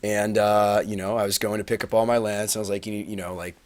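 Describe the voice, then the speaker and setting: Animated man recapping a tournament. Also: fast talker, smooth. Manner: animated, rambling, acts out quotes with big pitch swings. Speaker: Magic player recapping a tournament on a livestream. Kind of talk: casual storytelling to a stream audience. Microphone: webcam mic.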